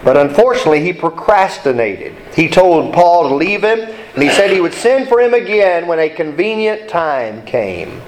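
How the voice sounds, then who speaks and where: A man's voice: a little high, very animated, normal speed, hardly any pauses, poor audio. A male pastor preaching an emphatic sermon, repeating key points and asking the congregation to read along.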